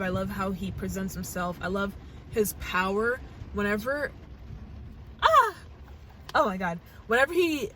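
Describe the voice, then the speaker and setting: A woman's voice: medium pitch, slight background noise. A young American woman hosting a reaction channel, talking to camera in a casual, earnest, gushing way and thinking aloud with restarts. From United States.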